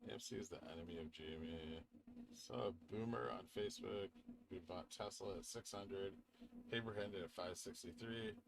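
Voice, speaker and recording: A man hosting a live trading stream, reading chat aloud and talking casually with lots of fillers, drifting from quiet murmurs to excited bursts. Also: lowish voice, normal speed, vocal fry, background noise. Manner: rambling, filler-heavy, swings from quiet muttering to excited bursts. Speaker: livestream trading host.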